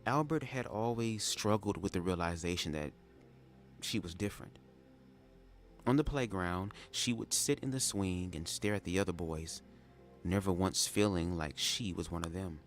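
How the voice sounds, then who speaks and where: A man reading a memoir aloud live, breaking off into sassy, animated asides. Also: sits low, moderate pace, soft background music. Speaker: reader of a memoir. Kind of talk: live read-aloud with commentary.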